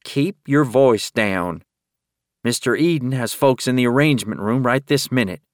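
A man's voice: mid-range voice, animated, normal speed, no echo, studio quality, close to an everyday voice. A man voicing a brusque middle-aged female sheriff who growls orders impatiently. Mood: hushed.

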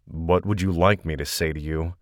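A guarded grown man, answering evenly and without fuss, as a male audiobook narrator puts him on. His voice is deep and low, and the recording is close and dry. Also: moderate pace, no echo, natural voice. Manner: even, matter-of-fact. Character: calm, guarded adult male investigator.

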